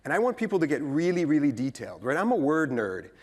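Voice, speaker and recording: Male keynote speaker, lively pitch swings, conversational and playful with the audience. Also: fast talker. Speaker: futurist speaker. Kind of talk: conference keynote talk. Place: conference stage before a live audience.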